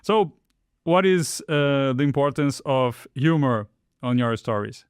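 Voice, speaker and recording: Smooth-voiced Brazilian interviewer. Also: male voice, medium pitch, animated, a little slow, no echo, clean studio sound. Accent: Brazilian Portuguese. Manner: hesitant, many uh fillers, polite. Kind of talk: interview questions. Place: remote video call.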